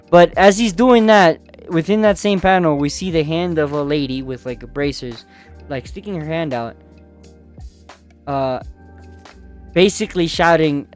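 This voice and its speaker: A man's voice: fairly high pitch, moderate pace, faint music behind. A man giving a casual, profane comic recap of a comic, full of fillers and laughter. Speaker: manhwa recap host.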